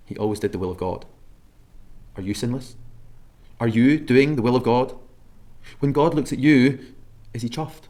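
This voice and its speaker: A man with a Scottish accent preaching a sermon, measured and emphatic, slowing down to stress key words. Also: fairly low pitch, a little mellow.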